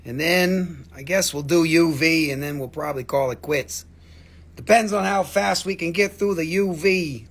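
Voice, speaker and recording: Man, live-sale host: husky, gravelly, a bit higher than most, loose joking banter, keeps clearing his throat. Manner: joking, rambling, teasing viewers. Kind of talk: casual livestream sales chat. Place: shop studio, indoors.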